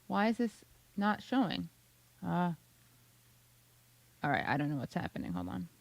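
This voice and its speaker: A woman hosting a casual talk show, sardonic and quick with profane asides. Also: on the low side, very animated, vocal fry, lo-fi sound. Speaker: host. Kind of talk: casual chat.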